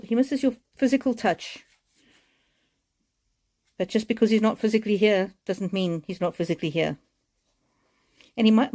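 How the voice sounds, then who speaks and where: A woman's voice: medium pitch, darkish tone. A middle-aged woman giving a live-streamed oracle card reading in a tender, soothing and emotional manner.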